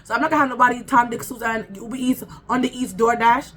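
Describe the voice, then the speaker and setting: A woman's voice: fairly high pitch, steady tone, fast, few pauses, fairly bright tone. A woman vlogger telling a storytime in an exasperated, emphatic, repetitive way. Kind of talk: casual storytime rant.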